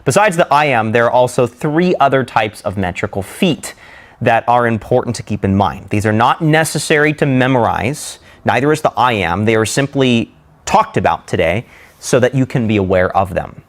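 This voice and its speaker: Lively-voiced man teaching speech rhythm. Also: mid-range voice. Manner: slow deliberate demonstrations of word stress. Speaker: speaking coach. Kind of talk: scripted instructional narration.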